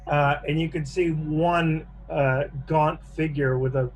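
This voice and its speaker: A man narrating a tabletop horror game as game master on a video call, pausing often with fillers. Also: fairly high pitch, steady tone. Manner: halting narration with many fillers.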